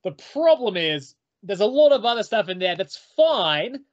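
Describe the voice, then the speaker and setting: A man's voice: sits high, very animated, moderate pace, pitched above the performer's own voice. A man putting on a wavering mock Australian accent while co-hosting a casual comic review chat, laughing at himself and swearing, on a muffled, crackly mic. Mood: joking. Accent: put-on Australian, slipping in and out. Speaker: podcast co-host.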